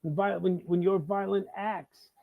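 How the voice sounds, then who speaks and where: A man's voice: high-pitched, fairly even intonation, measured pace, creaky, dry recording, phone-quality sound. A middle-aged man from the Bronx with a New York accent, hosting a live talk-show monologue, swearing freely and repeating himself in heated bursts. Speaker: host.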